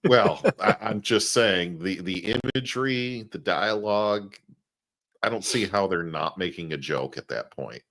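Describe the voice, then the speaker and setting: A man with a very deep voice chats about comics in a wry, joking way. He sounds amused and teases the material as he goes. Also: measured pace, fairly bright tone. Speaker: co-host. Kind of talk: casual comic review chat.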